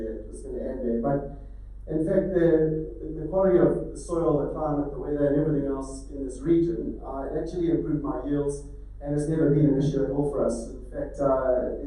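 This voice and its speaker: A man's voice: a little high, mellow. South African man speaking in an echoey hall. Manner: halting, many fillers and restarts. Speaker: conference speaker, farmer. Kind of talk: conference talk. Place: large conference hall. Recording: echoey hall, mic at a distance.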